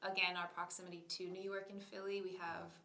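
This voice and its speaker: A young woman from New Jersey talks as a podcast guest, friendly and measured in her answers. Her voice sits on the low side but sounds bright and sharp. The room adds a clear echo. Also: level tone. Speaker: musician guest. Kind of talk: casual interview chat.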